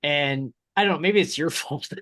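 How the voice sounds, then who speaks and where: A man in his thirties from Indiana with a Midwestern accent, co-hosting a casual podcast chat in an animated, chatty way, laughing often. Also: a little high, moderate pace. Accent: Midwestern American. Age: 30s. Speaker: podcast co-host.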